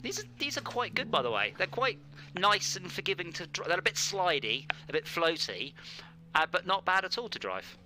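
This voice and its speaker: A man's voice: high voice, big pitch swings, moderate pace, pushed and bright, rough recording. A man hosting a sim racing stream, chatting casually with a playful, self-mocking manner. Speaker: stream host. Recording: faint background hum.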